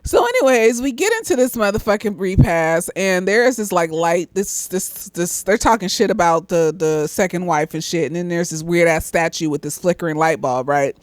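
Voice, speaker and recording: A woman's voice: on the low side, lively intonation, normal speed, hardly any pauses, no room sound. A woman therapist giving a casual, blunt and profane film review, slightly tipsy and laughing often.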